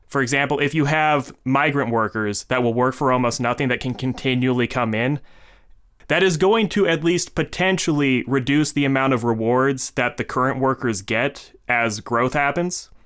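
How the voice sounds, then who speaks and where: A man co-hosting a podcast, explaining ideas in a measured, casual way. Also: mid-range voice, a bit bright, clean tone. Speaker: podcast co-host.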